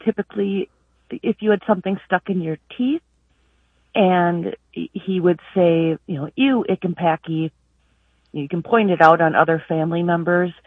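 A woman's voice: fairly low pitch, steady tone, normal speed, breathy edge, dry recording. A woman calling in to a radio show, eagerly explaining a family word at length. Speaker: caller. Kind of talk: phone call to a radio show. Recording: tinny phone line.

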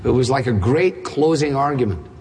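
A man's voice: medium pitch, lively intonation, normal speed, a little mellow, slight background noise. A man preaching a sermon, firing off emphatic rhetorical questions with touches of dry humor. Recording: reverberant hall.

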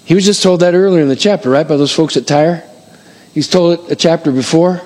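A male pastor preaching a sermon in church. He is animated and emphatic, slows down to stress key points, and calls out numbers like an auctioneer. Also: on the high side. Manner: animated, counts up the years like an auctioneer.

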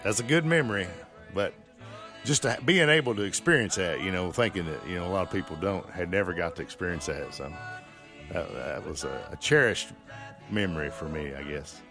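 A man's voice: sits low, fairly quick, over music. A male local radio host chatting in a folksy, rambling way, full of fillers and restarts. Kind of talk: casual local radio chat. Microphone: studio microphone.

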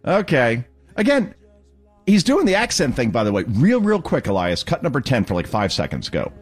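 A man's voice: medium pitch, wildly swooping pitch, moderate pace. A man hosting a political talk radio show, commenting with sarcastic, mocking asides.

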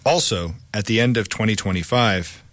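Brief: male co-host, low voice, reads scripted history segments, dry close mic. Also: moderate pace, fairly bright tone, no echo. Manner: reads scripted lines with casual asides. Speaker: podcast co-host. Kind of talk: semi-scripted history podcast.

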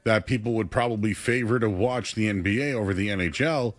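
A young man co-hosting a casual sports talk show, chatty and animated, his voice jumping up when he gets excited. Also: on the low side, fairly quick. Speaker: sports radio co-host.

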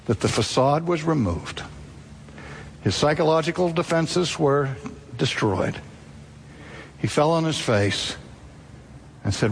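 A man preaching a sermon, telling a story dramatically and slowing down or speeding up for effect. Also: medium pitch, slight background noise. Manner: dramatic storytelling, acting out quotes, sudden shifts of pace. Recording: long reverb of a large hall.

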